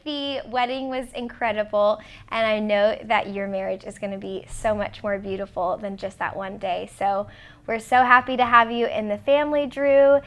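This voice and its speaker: A woman's voice: medium pitch, steady tone, normal speed, a bit bright. A woman, the bride's sister, giving a gushing, emotional wedding video message.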